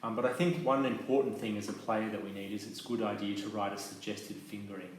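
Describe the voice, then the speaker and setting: A man with a fairly low voice gives a calm, methodical lesson, pausing on soft fillers as he explains each point. His voice rings out in a very echoey room over a faint hiss of noise. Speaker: clarinet teacher. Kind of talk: instructional demonstration.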